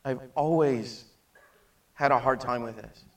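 A man preaching a sermon in an animated way, acting out the voices in his stories and swinging between loud emphasis and hushed moments. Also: medium pitch, measured pace, recorded from a distance.

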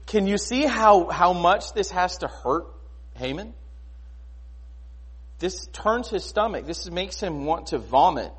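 Husky, animated male preacher. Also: high voice, takes it slowly. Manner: conversational, rhetorical questions, animated. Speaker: pastor. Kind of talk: sermon.

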